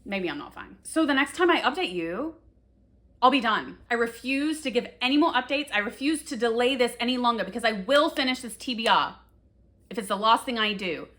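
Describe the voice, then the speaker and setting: A woman's voice: on the high side, animated, fairly quick, a bit bright. A woman book vlogger chatting casually to camera, with lots of "like" fillers and playful drama.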